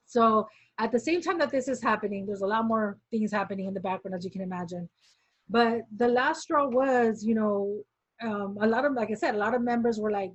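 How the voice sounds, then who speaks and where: A woman's voice: medium pitch, fairly quick, no echo. A woman casually telling her story as a former movement member, acting out quoted dialogue with many "like" fillers. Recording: dull, dry sound.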